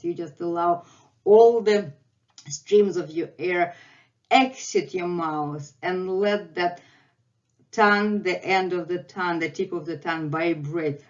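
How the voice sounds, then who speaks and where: Slow, patient woman teaching pronunciation. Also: lowish voice, highs cut off. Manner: patient, drawn-out repetition of sounds. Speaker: language teacher. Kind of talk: slow alphabet lesson with repetition.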